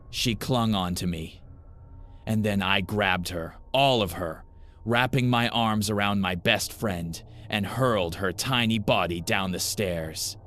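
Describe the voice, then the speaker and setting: A man narrating a first-person horror story in a grim, measured way. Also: sits low, fairly bright tone.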